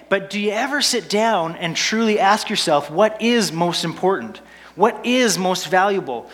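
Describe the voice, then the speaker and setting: A man whose voice sits high and sounds sharp preaches to his congregation in a light, humorous, conversational manner, throwing out rhetorical questions. The recording carries a long reverb typical of a large hall.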